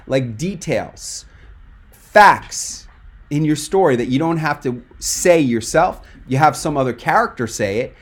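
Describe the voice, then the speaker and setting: A man coaching a speaker on a video call, talking in a direct, emphatic and encouraging way. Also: mid-range voice. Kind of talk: webinar coaching feedback.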